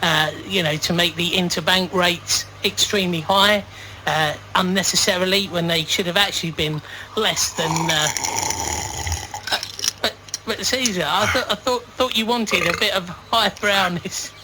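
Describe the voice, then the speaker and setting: A man's voice: sits high, fairly even intonation, unhurried, background noise. A man co-hosting a radio talk show, chatty and teasing, telling stories in banter. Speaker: radio co-host.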